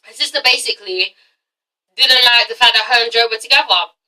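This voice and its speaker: High bright-voiced woman ranting. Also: a little fast, far from the mic, low-quality recording. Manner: blunt, exasperated, swears a lot. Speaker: YouTube reality-TV reviewer. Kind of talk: casual ranting review vlog.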